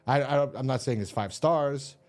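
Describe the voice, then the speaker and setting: A man speaks at normal speed in a mid-range voice with a darkish quality. In casual podcast chat about a horror episode he co-hosts, he retells the plot messily, swearing and restarting frequently.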